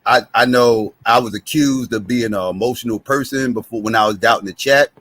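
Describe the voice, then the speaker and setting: A man's voice: mid-range voice, brisk, a bit bright, no room sound. A man on an online panel indignantly defending himself, swearing. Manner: indignant, profane. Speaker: panel guest. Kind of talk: heated casual debate.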